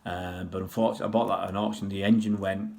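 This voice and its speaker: A man from Pakistan who grew up in England answers viewers' questions on a livestream at a rapid-fire pace. His deep voice is creaky and a little mellow, with little pitch movement. He's chatty and rambling, with many restarts and fillers.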